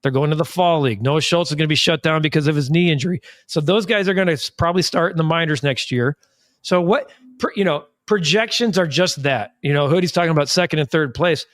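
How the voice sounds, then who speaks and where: A podcast host leads a casual sports chat in a measured way. His voice sits slightly higher than most men's. The mic is close and dry. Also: dry recording.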